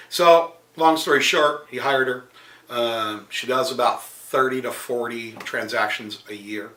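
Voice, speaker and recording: A man coaching on business, with a bright, forceful tone and an upbeat, chatty storytelling manner. He talks straight to the viewer. The sound carries a roomy echo. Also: mid-range voice, unhurried. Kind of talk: motivational business tip talk.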